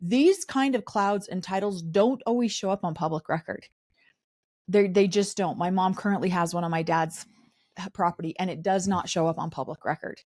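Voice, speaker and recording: Her voice sits on the lower side, moving at a moderate clip as she co-hosts a podcast recapping a reality show. Casual and animated, the woman, raised in a polygamous community, imitates others mockingly.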